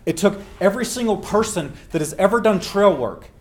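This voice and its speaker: A man delivering a welcome speech, earnest and emphatic, with a slightly higher voice than most men. He slows down to land his key lines. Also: expressive. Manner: earnest, emphatic, slowing for effect. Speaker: welcome speaker. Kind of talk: public storytelling speech.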